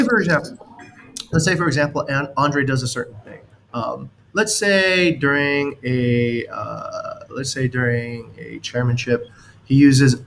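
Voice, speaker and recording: A man's voice: mid-range voice, vocal fry, a bit bright, slight background noise. A man leading a team session, coaching on leadership in a rambling, anecdotal way and chuckling as he explains.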